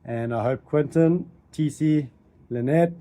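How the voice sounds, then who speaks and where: A man records a condolence message with a mellow, warm-toned voice. He speaks plainly and steadily, with an occasional "um" or "yeah.". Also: fairly high pitch, unhurried. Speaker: relative sending a recorded message.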